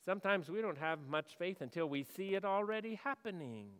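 A male pastor delivers a sermon in a clear, resonant voice that sits a little high for a man. He talks to the congregation conversationally and poses questions, moving from loud to hushed. The long reverb of a church hall follows every word. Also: lively intonation, a little fast.

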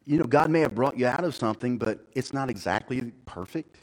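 A middle-aged man preaching a sermon in a conversational way, moving from low, quiet stretches to loud, high-pitched emphasis. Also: a little fast, hardly any pauses, rough recording. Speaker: pastor.

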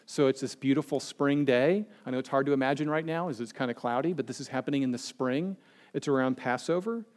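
A man's voice: medium pitch, fairly quick, a little mellow. A male pastor giving a casual, conversational sermon with humorous asides and acted-out quotes. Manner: chatty, joking, acts out quoted people.

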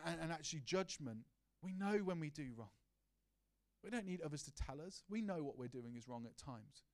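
A man preaching a sermon in an earnest, personal way, sometimes dropping to a hushed voice. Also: on the high side.

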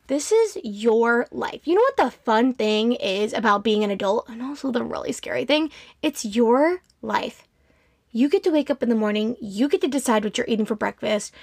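A woman in her twenties hosting a podcast, talking in an earnest, emphatic way and jumping into quick motivational rants. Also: on the high side, darkish tone, no echo, studio quality. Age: 20s. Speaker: podcast host. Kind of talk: motivational solo podcast talk.

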